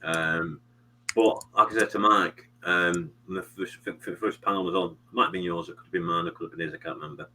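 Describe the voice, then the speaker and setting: A man's voice: sits low, fairly even intonation, fairly quick, pushed and bright, a little hiss or hum, low-quality recording. A British man hosting a live stream, chatting casually in a rambling way with many fillers. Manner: rambling, many fillers and "you know what I mean". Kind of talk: casual chat.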